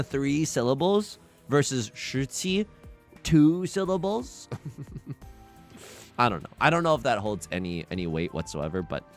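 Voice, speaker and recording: A man's voice: low voice, a bit bright. A young man whose first language was Mandarin, rambling in self-deprecating, casual chat with viewers while he plays a game on a livestream. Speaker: livestreamer playing online mahjong.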